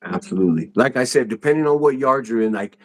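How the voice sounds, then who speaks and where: A man's voice: medium pitch, animated, fast talker. A man who is a podcast guest, telling stories casually in loose, rambling street slang. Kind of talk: casual storytelling.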